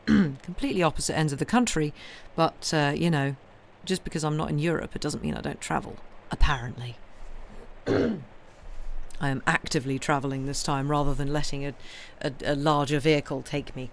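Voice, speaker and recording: A tired woman chats casually with her viewers from home, rambling along and filling pauses with lots of ums. She answers chat messages one after another at a relaxed, unhurried pace. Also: sits low, a little hiss or hum. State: tired, yawning. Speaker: livestream host reading books aloud.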